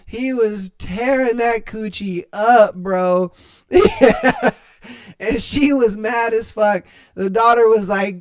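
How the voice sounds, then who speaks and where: Male podcast host, high voice, reads posts, then blunt and profane reactions. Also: takes it slowly. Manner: profane, laughing, blunt slang. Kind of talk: reading and reacting to online posts.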